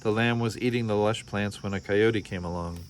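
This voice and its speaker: A man's voice: fairly low pitch, moderate pace, slight background noise. A man reading a folk tale aloud from a picture book, telling it expressively. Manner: expressive storytelling. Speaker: storybook reader.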